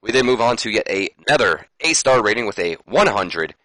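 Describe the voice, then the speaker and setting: A man's voice: lowish voice, animated, fairly quick, fairly bright tone, dry recording, low-quality recording. Casual male gameplay commentator. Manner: casual, chatty, swears, trails off. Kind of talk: casual let's-play commentary.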